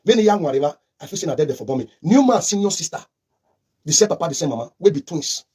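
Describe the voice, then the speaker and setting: A Nigerian man who slips into Pidgin, talking in a high, husky voice as he delivers heated political commentary. He rushes through his points with fervent, repetitive emphasis. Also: big pitch swings, mellow.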